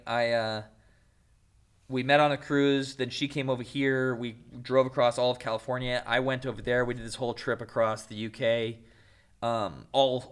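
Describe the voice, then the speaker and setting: A young man talking as a podcast guest in easy, animated stretches, laughing and slipping into little acted-out voices. His pitch sits in the middle for a man. It is casual chat, not a prepared talk. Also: clean tone.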